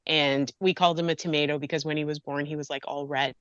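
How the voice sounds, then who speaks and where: A woman with a lowish voice talks with raw, pleading intensity, near tears as she explains what helps and what hurts. The sound is dry and slightly muffled, with no room around it. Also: fairly even intonation, quick pace, a bit bright, dry recording. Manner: earnest, impassioned, pleading. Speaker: grief and loss coach, guest. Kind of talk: emotional personal interview talk.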